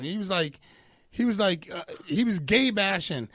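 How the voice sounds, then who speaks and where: A man's voice: high-pitched, moderate pace, no echo. A male comedian telling profane stories on a podcast and laughing often. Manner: profane, animated storyteller who laughs often. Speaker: comedian guest. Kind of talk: casual podcast storytelling. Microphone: close podcast mic.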